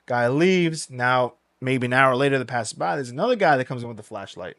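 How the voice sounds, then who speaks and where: A young man spins a story on a podcast, loose and animated, dropping swear words as he goes. His voice sits at an ordinary middle pitch. The recording is close and dry, with no room sound. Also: a little fast, dry recording. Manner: animated, swears freely, acts out quoted voices. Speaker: podcast host. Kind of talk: casual storytelling.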